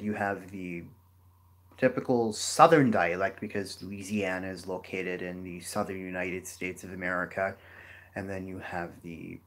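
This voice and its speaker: A man giving a casual geography lecture over a map, rambling with many fillers and restarts. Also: low voice. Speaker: geography educator.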